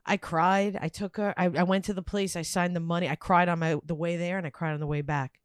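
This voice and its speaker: A woman's voice: lowish voice, steady tone, fairly quick, clean tone, no echo, clean studio sound. A middle-aged woman, co-hosting a casual podcast chat, emphatic, laughing often and swearing freely. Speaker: podcast co-host.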